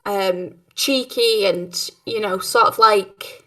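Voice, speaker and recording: A woman's voice: medium pitch, slow pace, pushed and bright, distant mic. A woman with a Cockney accent, chatting casually and giggly as a tabletop game player. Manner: giggly, chatty, trails off and restarts. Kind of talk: casual chat.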